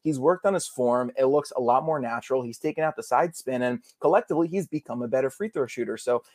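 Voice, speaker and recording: Emphatic podcaster, dry sound. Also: male voice, medium pitch, fast talker, darkish tone, no echo. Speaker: podcast co-host. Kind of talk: casual sports analysis.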